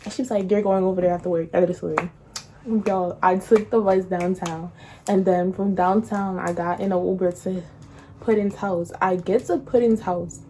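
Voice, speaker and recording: A young woman tells a breakup story in casual slang, laughing often and acting out quotes in a higher voice. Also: fairly even intonation, normal speed, warm tone, a little hiss or hum. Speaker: vlogger.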